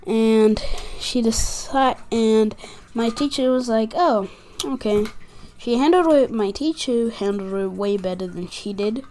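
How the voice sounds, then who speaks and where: Young girl, unhurried rambling storyteller, faint hiss behind. Casual vlog read. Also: on the high side, a little mellow. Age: child. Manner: rambling, fills with "like", acts out quotes. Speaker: gaming channel creator.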